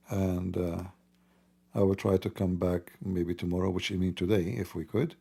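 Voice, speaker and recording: Guy on a late night stream, dark husky voice, mocking and laughing a lot. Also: sits low, flat delivery, normal speed. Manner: mocking, laughs often, broken grammar. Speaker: livestream host. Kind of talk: casual late-night livestream talk.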